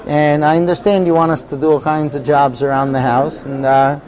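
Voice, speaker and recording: A man voicing a soft-spoken, teary teenage girl in a story. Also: a little high, level tone, fairly quick, voice pushed down, close to an everyday voice, rough recording. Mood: coaxing. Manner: soft, sniffling, coaxing.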